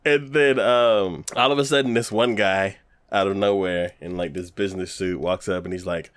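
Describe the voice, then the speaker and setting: A man in casual chat recapping a show, an animated storyteller who acts out characters and laughs often. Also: low-pitched, moderate pace, clear, resonant tone, no echo. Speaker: podcast co-host recapping an anime.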